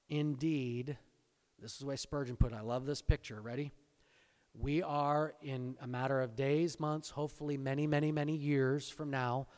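A man preaching a sermon, swinging between hushed, intense lines and loud, exultant emphasis. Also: mid-range voice. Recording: long hall reverb.

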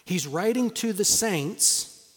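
A man's voice: sits high, lively intonation, takes it slowly, slightly rough. Dramatic preacher man in a reverberant hall. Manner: dramatic, acts out the disciples' voices, drops to hushed tones. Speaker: pastor. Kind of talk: sermon.

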